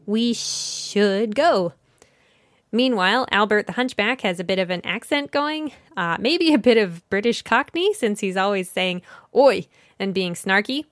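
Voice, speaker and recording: A woman's voice: mid-range voice, lively intonation, moderate pace, few pauses, a bit bright, no room sound, clean studio sound. A woman hosting a children's book podcast, summarizing and discussing a story in a conversational way, thinking aloud and correcting herself now and then.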